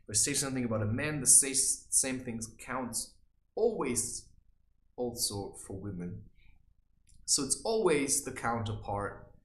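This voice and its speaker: A man giving advice in a rambling casual monologue, saying "you know" constantly and mocking people in high teasing voices. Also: animated, a little slow, reverberant. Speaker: vlogger giving life advice.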